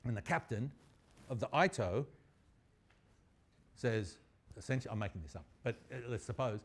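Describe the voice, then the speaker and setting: A male university lecturer tells a story in an animated, chatty way. His voice sits at a middle pitch. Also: moderate pace, long pauses.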